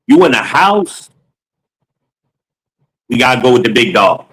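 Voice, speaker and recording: A man's voice: mid-range voice, big pitch swings, measured pace, fairly bright tone, slightly rough, rough recording. A man casually telling a story from his sales days, slangy and loose, acting out dialogue with frequent ums.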